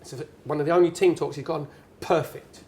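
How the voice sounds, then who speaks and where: A middle-aged man tells a story to a room, chatty and lively, acting out the other voices as he goes. His voice sits a touch high for a man. A faint bar hum runs underneath. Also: fast, creaky. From England. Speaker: guest speaker, former footballer and pundit. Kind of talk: anecdotal storytelling on stage. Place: bar at a networking event.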